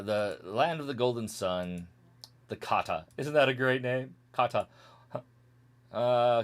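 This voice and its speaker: A man's voice: mid-range voice, clean tone. A man streaming a retro game, joking casually and skipping the game's text with strings of blah blah and meow. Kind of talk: casual let's-play commentary.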